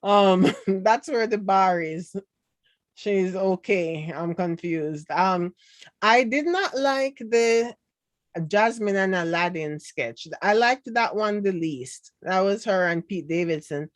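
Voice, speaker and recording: A woman's voice: medium pitch, slow, no room sound. A Jamaican woman with a light accent, casually chatting and reading viewer comments in a sarcastic, laughing way. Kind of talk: casual chat.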